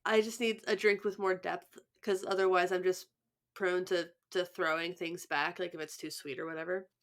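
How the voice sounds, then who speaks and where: A woman's voice: lowish voice, flat delivery, moderate pace. A young woman co-hosting a podcast, chatting casually, laughing often and restarting her sentences. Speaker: podcast co-host. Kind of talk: casual chat.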